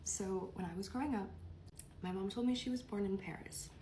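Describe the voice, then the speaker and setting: A woman's voice: mid-range voice, normal speed, noisy background. A young woman from the United Kingdom telling a gossipy story in a chatty, casual way.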